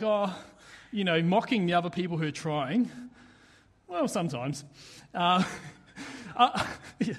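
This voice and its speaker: High-voiced man preaching casually. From Australia. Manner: chatty, halting, many restarts and fillers. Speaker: pastor. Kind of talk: casual sermon.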